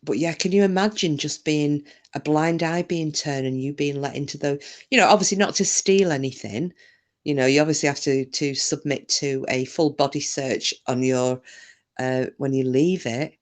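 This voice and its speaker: A woman's voice: sits low, normal speed. A woman from England hosting a casual livestream chat, talking freely and reading out viewer comments with self-deprecating humour. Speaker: livestream host.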